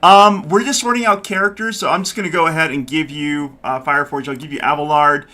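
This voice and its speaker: A man hosting a co-op game stream, talking loudly and cheerfully with his players. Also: a little high, brisk. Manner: loud and lively, says so himself. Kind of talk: casual live-stream chat.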